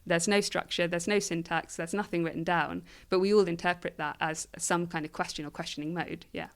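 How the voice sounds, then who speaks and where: Interview guest: woman with a low, smooth voice, explaining ideas thoughtfully. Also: fairly even intonation, brisk. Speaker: guest philosopher. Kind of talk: interview conversation.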